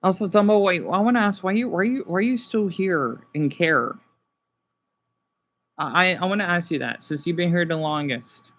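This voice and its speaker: A man's voice: sits high, moderate pace, fairly bright tone. Distraught young man on a live stream. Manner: distraught, swearing, repeating himself. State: exhausted and upset. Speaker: livestreamer talking to viewers. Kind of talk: unscripted live stream talk.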